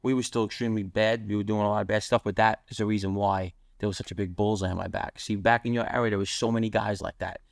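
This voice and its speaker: On a dry recording, a man whose voice is on the low side and creaky tells street stories bluntly and quickly in a podcast interview. His intonation stays fairly even while he quotes other people.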